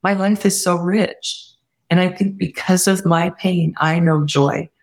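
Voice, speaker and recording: A woman guest telling a personal story earnestly, often quoting what others said, and reflecting warmly on faith. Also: lowish voice, steady tone, a little slow. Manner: earnest, heartfelt retelling with quoted dialogue; warm spiritual reflection. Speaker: podcast guest.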